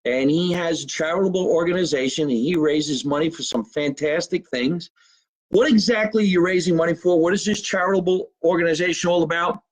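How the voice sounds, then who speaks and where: A man's voice: on the high side, fairly quick, poor audio. A middle-aged man, a comedian hosting his own live show from a home basement, talking casually, swearing, and plugging his channels. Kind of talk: casual live-stream monologue.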